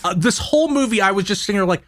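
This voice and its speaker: A man's voice: high voice, animated, very fast, fairly bright tone. A man casually retelling a movie plot to friends, rambling, swearing and laughing. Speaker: podcast host, main recapper. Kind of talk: casual movie recap chat.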